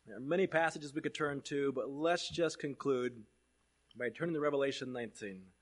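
A man preaching a sermon, reading scripture aloud and swinging between loud proclamation and hushed asides. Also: medium pitch, normal speed.

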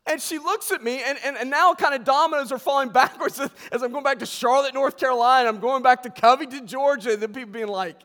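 High-voiced preacher in a reverberant church. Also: male voice, quick pace, few pauses. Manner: storytelling, swings from loud outbursts to hushed tones. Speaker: pastor. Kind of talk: sermon. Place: church sanctuary. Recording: long reverb of a church hall.

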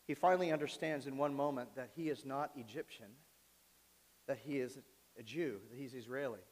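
A male pastor preaching a sermon, swinging between quiet asides and loud, pleading outbursts. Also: medium pitch. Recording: long reverb of a large hall.

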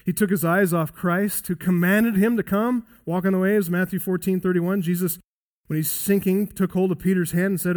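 A man preaching a sermon as pastor-teacher, earnest and expository, slowing down to stress key points. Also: high-pitched, steady tone, a little mellow. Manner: earnest expository preaching, varies pace for emphasis.

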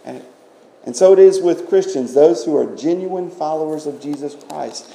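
A man's voice: on the high side, normal speed, gravelly, warm tone, slight background noise. A man preaching a sermon to his congregation, emphatic and full of rhetorical questions, often repeating words as he builds a point. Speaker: pastor.

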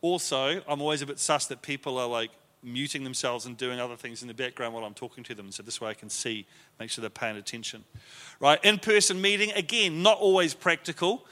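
Bright-voiced man teaching in a reverberant hall. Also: medium pitch, a little fast. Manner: conversational, often acting out quoted lines. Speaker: leadership class teacher. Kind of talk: teaching a class to a live group.

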